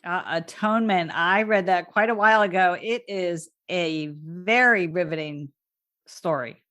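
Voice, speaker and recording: A woman's voice: fairly low pitch, unhurried, a bit bright. A woman hosting a casual podcast interview, asking friendly, curious questions. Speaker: podcast host.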